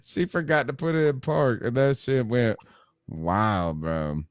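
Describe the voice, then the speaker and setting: A man's voice: mid-range voice, measured pace, no echo. Man, podcast host, casual chat, storytelling, acts out quotes, laughs a lot, dry mic.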